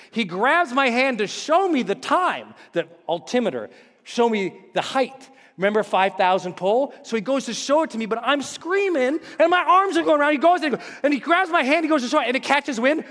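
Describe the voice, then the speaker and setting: Delivering a motivational keynote, a man with a very high voice tells a story at a moderate pace. He is animated, performing different voices and screams, and the recording carries live hall reverb plus a little noise.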